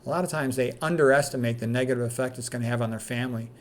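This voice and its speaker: A man's voice: medium pitch, very fast, slight background noise. A middle-aged man, a doctor, reading quotes aloud and commenting on them in a candid, casual way with plenty of fillers.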